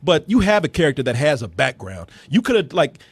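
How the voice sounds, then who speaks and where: Excitable high-voiced man reviewing films. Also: fairly quick, husky, no room sound. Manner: excitable, laughs often, rambles with restarts. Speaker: film review host. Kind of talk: casual podcast chat.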